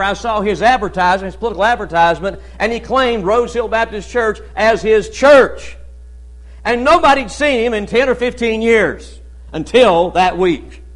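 High-voiced man preaching a sermon. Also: a bit bright. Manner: conversational preaching, frequent "amen?" and "uh" fillers. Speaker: pastor. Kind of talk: Baptist sermon.

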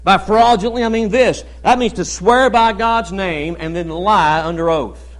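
A male pastor preaching a Baptist sermon in a conversational way, often asking "amen?" and pausing with "uh". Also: high voice.

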